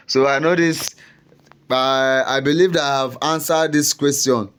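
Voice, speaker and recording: A man's voice: mid-range voice, takes it slowly, fairly bright tone, clean tone. A young man tutoring exam students in a casual, repetitive way, often checking in with "you understand?".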